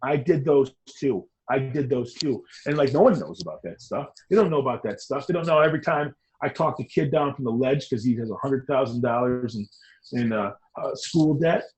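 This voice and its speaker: A middle-aged man, a designer as interview guest, talking in an animated, rambling, emphatic way. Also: mid-range voice, normal speed, low-quality recording. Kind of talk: casual interview talk.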